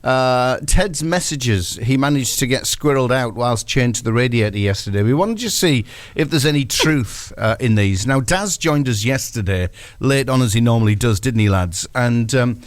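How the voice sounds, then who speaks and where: A man, presenting a football chat show and telling anecdotes with lively delivery. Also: mid-range voice, moderate pace, hardly any pauses, no echo. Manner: animated storyteller. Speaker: radio presenter. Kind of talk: casual sports banter and anecdote.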